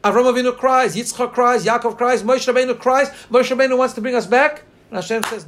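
High-voiced man teaching a Torah class. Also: fairly even intonation, a little hiss or hum. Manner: earnest storytelling, slow drawn-out quotes; pauses to share screen and look up text.

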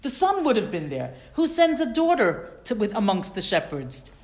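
Female Torah teacher, animated, quoting and translating verses, echoey room. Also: mid-range voice, moderate pace. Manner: animated, quotes Hebrew verses then translates.

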